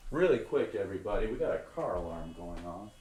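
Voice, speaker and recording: A young man co-hosts a podcast, telling stories in an animated, casual way and slipping into the voices of the people he quotes. His voice sits fairly low. The room behind him is roomy and echoing. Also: brisk, slight background noise. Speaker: podcast co-host. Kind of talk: casual storytelling. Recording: roomy echo.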